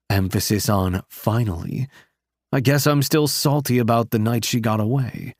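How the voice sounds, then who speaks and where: Male narrator, first-person novel, wry and conversational, close dry mic, mid pitch. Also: a little slow, no echo. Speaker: audiobook narrator.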